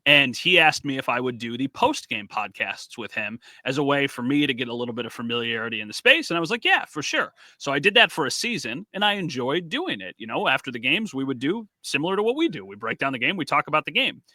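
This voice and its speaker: Podcast co-host, male, animated anecdote teller, bright tone, dry booth. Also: medium pitch, fast talker, few pauses, no echo. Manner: animated storyteller, acts out quotes. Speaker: podcast co-host and sports reporter. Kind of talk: casual podcast chat.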